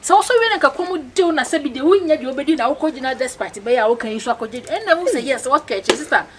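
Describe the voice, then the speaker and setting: A woman's voice: high voice, expressive, rapid-fire. An actress with a Ghanaian accent playing a woman who insistently lectures her sister on saving money. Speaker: actress in a comedy series.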